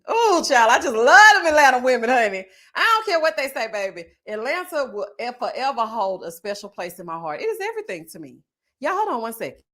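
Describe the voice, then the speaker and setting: A woman chats to her viewers in a sassy, animated way, her pitch jumping up and down as she talks. She tosses in honey and child and often breaks into laughter. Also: brisk. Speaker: YouTube reality TV commentator. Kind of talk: casual live-stream chat reading comments.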